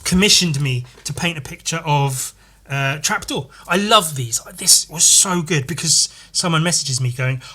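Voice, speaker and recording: A man hosting his own podcast, chatting loosely and playfully while he sketches, swearing constantly and now and then breaking into loud goofy voices. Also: fairly high pitch, a little slow, breathy edge. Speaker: artist hosting a solo podcast. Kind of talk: casual rambling chat while sketching.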